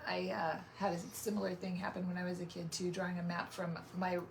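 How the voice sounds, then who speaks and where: A woman hosting a casual interview in a small home studio, upbeat and quick to laugh. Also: fairly low pitch, flat delivery, creaky, slight background noise.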